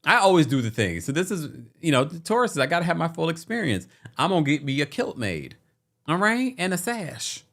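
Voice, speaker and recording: A man's voice: on the high side, big pitch swings, a little fast, fairly bright tone. A man hosting a reality TV recap podcast, chatting casually and talking straight to his viewers.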